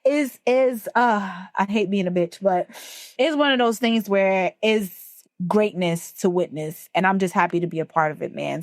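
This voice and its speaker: A woman's voice: mid-range voice, dry recording, clean studio sound. A woman talking emphatically and emotionally as a podcast co-host, full of profanity. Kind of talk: casual chat.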